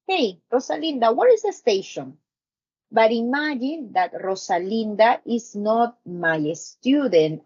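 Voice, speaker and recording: A woman runs an English grammar lesson at a slow, deliberate pace, her pitch sitting fairly high. She repeats example questions and keeps checking in with her listeners. The audio is dull and dry, like a basic stream mic. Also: a little mellow, breathy edge. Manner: explains slowly, repeats examples, asks "no?" often. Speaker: English teacher.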